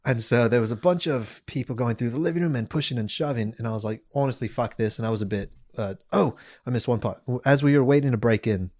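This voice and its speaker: A man's voice: mid-range voice, fast, few pauses, no echo, clean studio sound. A man casually telling a funny story on a podcast, laughing often. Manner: animated, laughing, slips into a mock British accent for quotes. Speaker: podcast host.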